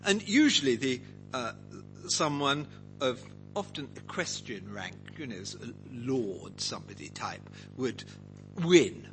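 A man's voice: medium pitch, animated, slow, a bit bright, slight background noise, poor audio. A man teaching a Bible passage to a group, asking them questions and acting out quotes. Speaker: preacher leading a Bible study.

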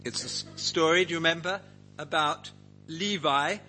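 A man's voice: a little high, moderate pace, pushed and bright, faint music behind, low-quality recording. A man teaching a Bible passage to a group, asking them questions and acting out quotes. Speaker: preacher leading a Bible study.

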